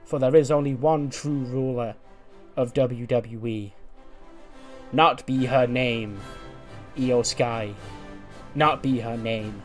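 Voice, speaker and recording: A man putting on a pompous male herald making a slow, grand royal proclamation. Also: medium pitch, steady tone, soft background music, lightly acted. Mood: grandiose. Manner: slow, grand, drawn-out delivery.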